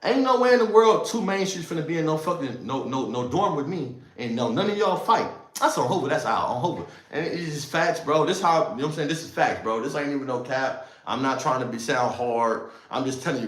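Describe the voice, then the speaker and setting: A man telling a story on a livestream in animated street slang, swinging between loud and quiet with emphatic oaths. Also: medium pitch, echoey room, rough recording.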